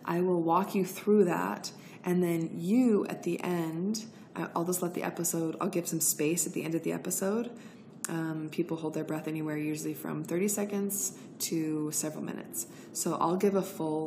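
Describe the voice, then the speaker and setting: A woman's voice: on the low side, vocal fry, darkish tone, a little hiss or hum. A woman hosting a podcast, giving chatty, encouraging breathwork instructions straight to her listeners. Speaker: podcast host. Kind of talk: casual instructional talk.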